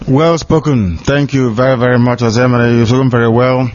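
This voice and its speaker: Male host, brisk, runs a call-in show, muffled lo-fi audio. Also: mid-range voice, fairly even intonation, darkish tone. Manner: brisk, directing callers. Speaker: radio host. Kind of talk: hosting a call-in radio show. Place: radio studio.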